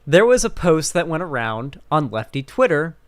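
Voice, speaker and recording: A man's voice: a little high, very animated, moderate pace, smooth. A man hosting a casual commentary stream, talking in a rambling, sarcastic way with many fillers.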